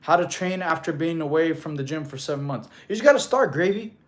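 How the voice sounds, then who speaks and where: A man's voice: fairly high pitch, lively intonation, fairly quick. A man in his thirties, a fitness streamer, chatting casually and reading viewer messages aloud in a laid-back way, calling people bro. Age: 30s.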